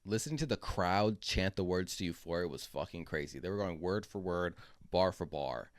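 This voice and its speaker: A man's voice: low voice, expressive, moderate pace, soft background music. A man hosting a commentary video, talking bluntly and sarcastically. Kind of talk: opinionated commentary.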